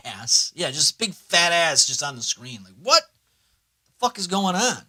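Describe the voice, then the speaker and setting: A man's voice: on the high side, very animated, measured pace, pushed and bright. Rambling, profane young man streaming. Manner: rambling, profane, talks to himself about his setup. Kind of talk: casual livestream chat.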